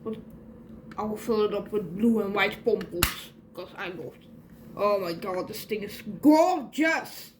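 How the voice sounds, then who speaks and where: A young woman vlogging an unboxing at home, gushing excitedly as she talks. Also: mid-range voice, a little slow, a little hiss or hum. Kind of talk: casual unboxing vlog.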